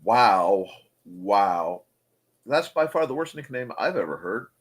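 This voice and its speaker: A man's voice: lowish voice, sing-song, takes it slowly. A man hosting a casual livestream chat from home, playful and chatty as he reads comments. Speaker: host. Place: home room.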